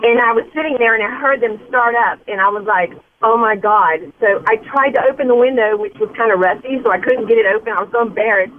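Fast high-voiced man on a phone line. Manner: animated storyteller, acts out own quotes. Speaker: caller. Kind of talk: telling a story on a phone-in show. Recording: tinny phone line with light noise.

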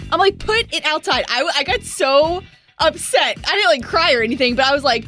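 A young woman co-hosts a morning radio show and tells her stories with animated emphasis. Her voice sits high. Faint music plays under her talk. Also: a little fast. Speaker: radio co-host.

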